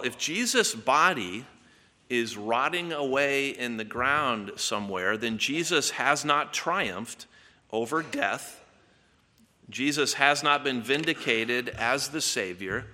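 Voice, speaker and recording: A man's voice: medium pitch, bright, forceful tone, long reverb tail. A man preaching an expository sermon as a pastor, earnest and emphatic, often repeating words as he builds a point.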